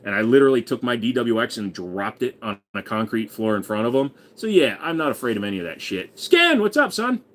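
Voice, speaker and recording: Speaking fast with hardly any pauses, this forties-aged livestream host has a lowish voice. He jokes crudely in a casual stream and reads his viewers' messages aloud.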